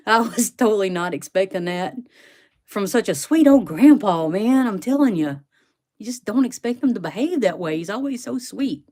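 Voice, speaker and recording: A woman's voice: medium pitch, lively intonation, measured pace, long pauses, a little mellow. Woman streamer, sniffly, chatty, talking to her phone in her bedroom. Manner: chatty, talks back to viewers by name. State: sniffling from sneezing. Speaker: live-stream host unboxing rocks. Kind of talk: casual live-stream chat with viewers. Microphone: phone on a stand.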